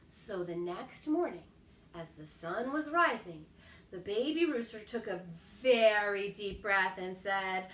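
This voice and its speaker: A woman hosting a children's storytime, reading aloud in an animated, exclamatory way and asking the children questions. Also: medium pitch, unhurried, echoey room, far from the mic, slight background noise. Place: home kitchen.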